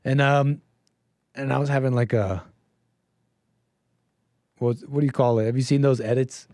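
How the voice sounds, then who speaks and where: A man's voice: mid-range voice, steady tone, normal speed, darkish tone, no echo, studio quality. A man hosting a casual livestream, talking in a sarcastic, rambling way and mocking what he reads aloud. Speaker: livestream host.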